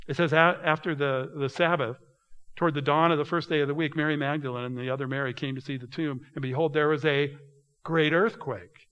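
A man preaching a sermon to a congregation, reading scripture aloud, calling them "you guys", and swinging between quiet, drawn-out asides and loud, emphatic passages. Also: a little high, fairly even intonation, smooth, muffled recording. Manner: addresses the congregation directly, often saying "you guys". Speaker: pastor.

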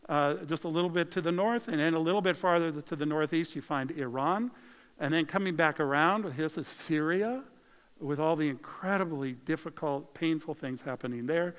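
A male pastor delivers a lively sermon in a slightly higher voice than most men. He drops to near-whispers and then rises for emphasis, and a long reverb from a large hall trails his words. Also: normal speed, clean tone. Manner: animated, conversational preaching with dramatic shifts in volume.

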